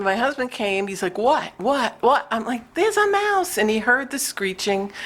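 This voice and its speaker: A woman vlogger telling a chatty story to the camera about her day, sometimes laughing, a little out of breath. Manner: animated, scolding her cat in high bursts, laughing between lines.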